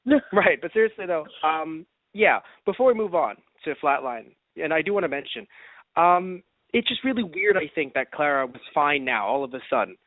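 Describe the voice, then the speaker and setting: A man co-hosts a casual podcast and talks in an animated way. His voice sits high and swings widely in pitch. The sound is dry and narrow, like a phone line. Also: moderate pace, dry recording. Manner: animated, acts out mock quotes. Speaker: podcast co-host.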